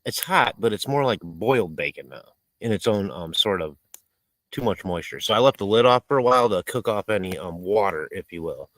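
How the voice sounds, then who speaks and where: Casual live-stream host, a rambling, cursing man, lively pitch, dry close sound. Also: brisk, no room sound, low-quality recording. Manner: rambling, swearing, reading chat aloud. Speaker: livestream host. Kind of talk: casual live-stream chat while cooking outdoors. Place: outdoors in a rural area.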